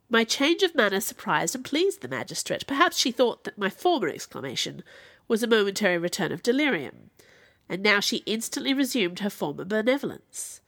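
A woman reading a classic novel aloud as narrator, with expressive, dramatic delivery. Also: mid-range voice, brisk, creaky, dry recording, studio quality. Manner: expressive, dramatic in quoted speech.

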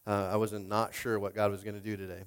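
A man's voice: lowish voice, flat delivery, fast talker, clear, resonant tone. Tearful man pastor, rambling and casual. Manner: casual, emotional, rambling with many fillers. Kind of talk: sermon.

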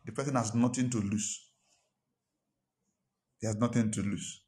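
A man's voice: on the low side, steady tone, moderate pace, a little mellow. Man preaching an emphatic sermon. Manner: emphatic preaching with repeated phrases. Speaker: pastor.

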